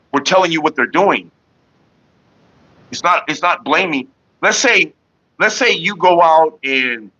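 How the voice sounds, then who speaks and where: A man rants on a casual livestream, blunt and full of profanity as he talks straight to his viewers. His voice sits a little high and sharp against a dry, close sound. The mic is a bit dull and lo-fi. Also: no echo. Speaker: livestream host.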